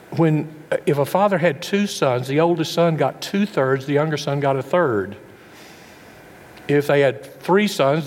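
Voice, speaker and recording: Preacher in an echoing hall. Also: male voice, fairly high pitch. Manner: rhetorical questions and stumbling repeats. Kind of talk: sermon. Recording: long reverb in a hall, faint background.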